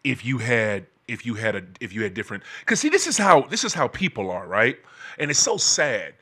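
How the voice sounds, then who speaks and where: A fired-up man rants on his own show, cursing freely and tripping over restarts before he breaks into yells. His voice is bright and forceful, sitting at an ordinary middle pitch. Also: huge pitch swings, brisk, husky. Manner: angry, profane, stammering restarts, bursts into shouting. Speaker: podcast host. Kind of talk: heated ranting monologue.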